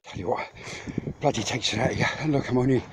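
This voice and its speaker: A man talks into a handheld phone outdoors in the heat, short of breath and rambling, with plenty of swearing. His voice sits in a middle range. Clear background noise and clicking run under the recording. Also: mid-range voice, quick pace. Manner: rambling, sweary, ranting at a rival. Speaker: vlogger. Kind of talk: casual walk-and-talk vlog. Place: outdoors at a building site in hot weather.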